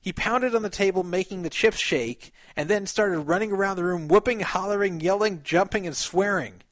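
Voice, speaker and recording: A man's voice: high voice, moderate pace, no echo. A man on a podcast who reads a written account aloud and comments on it in casual chat, with fillers and a few laughs.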